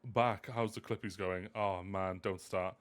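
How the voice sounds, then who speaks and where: A man hosting a casual live stream, animated and self-mocking, often laughing. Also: low voice, unhurried, clean tone. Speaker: host.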